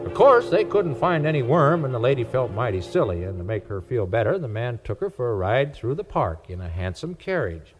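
A man's voice: mid-range voice, fairly quick, few pauses. A man, telling a children's story in a folksy 1940s record style. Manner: folksy rural storytelling, lively voices. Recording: old record with music behind.

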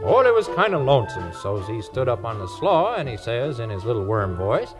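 Folksy male storyteller, lively pitch, music under old record. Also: fairly quick. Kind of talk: 1940s children's record narration.

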